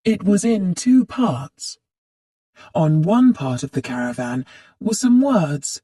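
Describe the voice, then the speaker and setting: A narrator reading a spooky story aloud slowly for English learners, acting out the characters' lines. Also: mid-range voice, husky, no room sound, studio quality. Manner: animated read-aloud, acts out the characters' lines.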